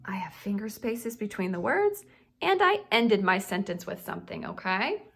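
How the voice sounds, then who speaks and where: A woman's voice: medium pitch, big pitch swings, normal speed, vocal fry, a bit bright. A woman teaching young children to write sentences, patient and sing-song, calling them friends. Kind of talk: children's writing lesson.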